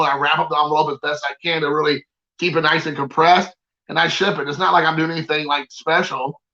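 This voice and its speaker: A man's voice: fairly high pitch, bright, forceful tone, lo-fi sound. A man hosting a collector vlog, talking in an exasperated, rambling and slangy way. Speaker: collector channel host. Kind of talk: casual ranting vlog.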